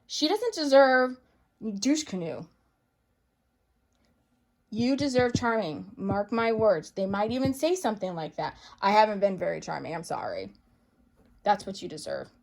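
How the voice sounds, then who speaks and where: A woman reading tarot cards for viewers in a chatty, playful way, excitable and full of pet names. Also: mid-range voice, moderate pace, creaky. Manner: playful, chatty, calls listeners baby girl and boo; excitable, gasps and exclaims over cards. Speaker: psychic medium tarot reader.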